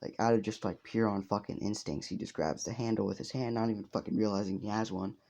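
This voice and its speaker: A man's voice: fairly low pitch, fairly even intonation, quick pace, dark tone. A man casually telling a fan story, rambling with lots of fillers and swearing.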